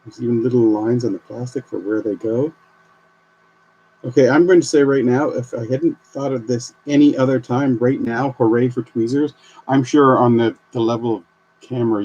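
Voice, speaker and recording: Man chatting softly while building a kit. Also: mid-range voice, steady tone, normal speed, lo-fi sound, a little hiss or hum. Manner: chatty, thinking aloud while working. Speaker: live streamer building a model kit. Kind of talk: casual live stream commentary.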